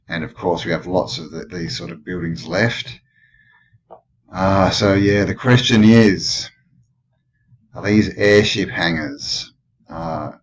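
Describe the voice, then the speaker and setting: Australian male host, deep register, rambling musing commentary, muffled lo-fi audio. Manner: rambling, musing, full of questions. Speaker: channel host. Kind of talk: casual commentary over old photos.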